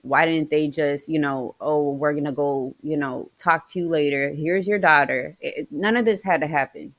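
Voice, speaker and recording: A woman's voice: low voice, moderate pace, no room sound, rough recording. A woman hosting a livestream, chatting emphatically about a video she is playing. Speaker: livestream host. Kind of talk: casual live commentary.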